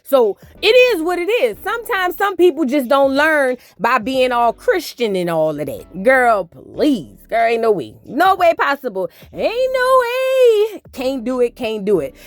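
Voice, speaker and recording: A woman's voice: high voice, big pitch swings, moderate pace, few pauses, no echo. A woman hosting a gossip reaction show, blunt and sassy with lots of slang. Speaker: reaction channel host. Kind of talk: gossip commentary.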